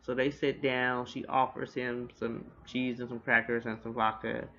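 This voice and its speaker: A man with a gravelly, creaky voice gives a casual, profanity-laced recap of a TV episode. He talks in loose slang and tosses in blunt opinions as he goes. The recording sounds dull and lo-fi. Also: medium pitch, flat delivery, fairly bright tone. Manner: profane, slangy retelling with quick asides. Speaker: TV episode reviewer.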